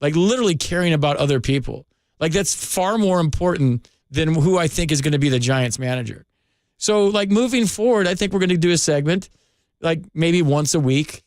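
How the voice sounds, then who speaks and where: A man's voice: a little high, lively intonation, fairly quick, no echo. A man hosting a late-night sports call-in radio show, talking in an earnest, rambling, heartfelt way from a studio microphone.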